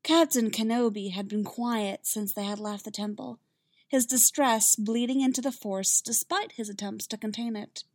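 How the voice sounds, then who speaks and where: A woman reading fan fiction aloud in a steady, measured narration. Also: a little high, no echo, clean studio sound. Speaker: reader.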